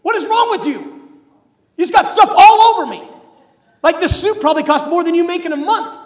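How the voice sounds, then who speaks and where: A man playing a furious, arrogant banker who yells abuse in a shrill voice. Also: lively intonation, normal speed. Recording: echoey hall.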